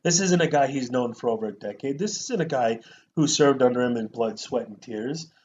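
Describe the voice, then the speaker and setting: A man co-hosting a podcast in casual movie review chat, animated and mocking lines in put-on voices. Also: medium pitch, a little fast, highs cut off, slight background noise. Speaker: podcast co-host.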